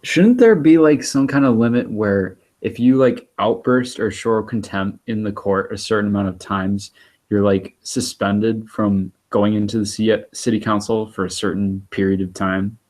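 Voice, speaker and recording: A man's voice: on the low side, moderate pace, darkish tone. A young man in casual chat, asking tentative questions with fillers.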